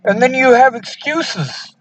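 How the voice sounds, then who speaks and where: A man's voice: extremely high pitch, lively intonation, measured pace, a little hiss or hum. A man on a phone call, distressed and pleading, bitter and near tears.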